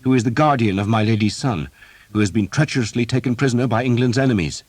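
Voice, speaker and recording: A man's voice: medium pitch, fast talker, a little mellow, no room sound, voice pushed up, close to an everyday voice. A man reading an audiobook, voicing an earnest young archer who pleads his case in a hurry.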